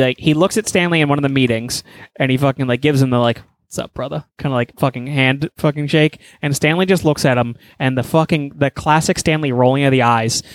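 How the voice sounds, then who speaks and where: A man's voice: mid-range voice, dry recording. A young man in casual podcast chat, rambling through anecdotes and swearing constantly.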